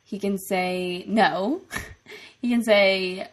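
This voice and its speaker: A woman's voice: medium pitch, steady tone, very slow, slight background noise. A young woman with a mid-range voice chats casually on a podcast. She laughs often as she talks. Her delivery is easygoing and friendly. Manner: giggly, laughs often while talking. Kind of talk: casual chat.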